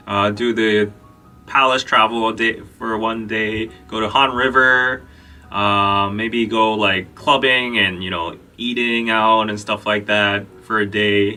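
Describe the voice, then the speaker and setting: A man's voice: on the low side, bright, forceful tone, far from the mic. A man hosting a live podcast, chatting casually and rambling through travel tips with lots of fillers. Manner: rambling, filler-heavy, reads chat questions. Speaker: podcast host. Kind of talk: casual live-stream chat.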